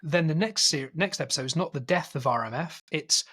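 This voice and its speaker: A man co-hosting a film podcast, casually retelling a film's plot in a rambling, animated way and acting out quotes. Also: a little high, brisk, breathy edge. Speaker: podcast co-host.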